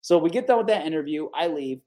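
A man in his forties from the Capital Region of New York, a guest telling stories in a casual, animated interview. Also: a little high, fast. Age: 40s. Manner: animated, lively storyteller who acts out the people he quotes.

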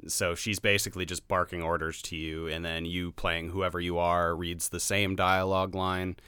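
A man's voice: low-pitched, level tone, moderate pace, sharp tone, clean tone, no room sound. A man reviewing a video game in casual podcast chat, blunt and laughing often, swearing freely.

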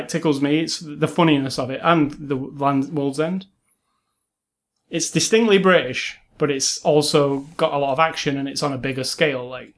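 A man's voice: on the high side, a bit bright. Chatty man rambling about films. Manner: rambling, enthusiastic, many fillers and restarts. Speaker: film podcast co-host. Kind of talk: casual film review chat.

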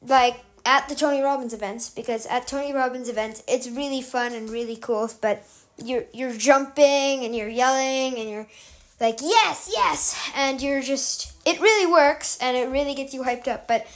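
A young woman podcast host telling a story in a calm, chatty way, loose with fillers. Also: sits high, moderate pace. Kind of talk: casual storytelling.

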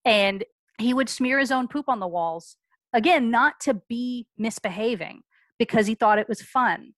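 A woman, around her forties, being interviewed as a guest on a podcast and recounting her family's experiences frankly and briskly, acting out the voices of people she quotes. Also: a little high, fairly bright tone, no echo. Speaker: guest, mother.

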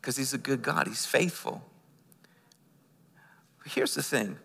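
A male pastor preaching a sermon with passion, swinging between loud and hushed, often stumbling and repeating his words. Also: medium pitch, slow, vocal fry, husky, long reverb tail.

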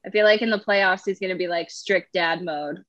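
Bright-voiced woman, dull lo-fi audio. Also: lowish voice, fairly quick, no echo. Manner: hesitant, many fillers. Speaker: podcast guest. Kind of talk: casual interview chat.

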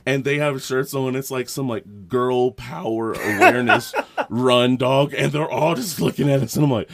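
A podcast co-host with a gravelly, mid-range voice tells a rambling story at a normal pace. He's animated in the casual chat, swearing a lot and laughing often as he goes.

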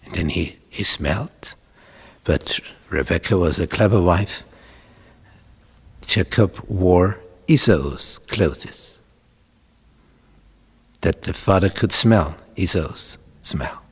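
A male pastor retelling a Bible story in a dramatic, animated sermon style. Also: low voice, takes it slowly, pauses often, slightly rough. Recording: reverberant hall.

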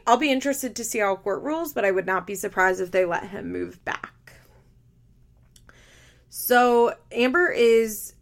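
Female podcast host, casual and blunt, constant "like" fillers, gravelly fry in the voice. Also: mid-range voice, fairly bright tone. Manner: blunt, opinionated, heavy use of "like" fillers. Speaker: podcast host recapping a reality show. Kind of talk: casual chat.

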